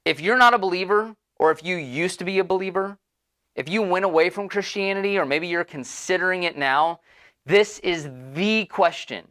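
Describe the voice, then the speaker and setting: A man's voice: high voice, moderate pace, sharp tone. A man preaching a sermon in a casual, conversational, storytelling way with frequent asides. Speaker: pastor.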